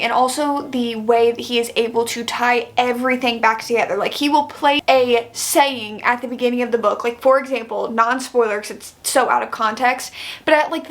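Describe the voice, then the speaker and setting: A woman's voice: a little high, fairly bright tone. A young woman reviewing a book in a casual vlog, chatty and effusive, with many "like" fillers. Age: young adult. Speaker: book vlogger.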